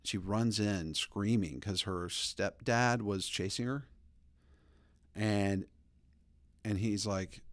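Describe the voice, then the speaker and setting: A man in his thirties hosting a podcast, telling stories in a rambling, animated way. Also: lowish voice, takes it slowly, pauses often, dry recording. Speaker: podcast host. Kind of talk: casual opinion talk.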